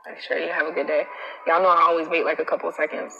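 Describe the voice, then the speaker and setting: A woman coach hosting a casual live stream, animated and emphatic, with a preachy manner full of slang asides. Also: low voice, rapid-fire, vocal fry, lo-fi sound, soft background music.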